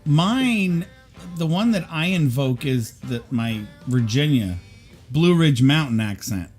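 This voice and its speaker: Animated, laughing livestream host, man. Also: a little high, slow pace, soft background music. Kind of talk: casual chat.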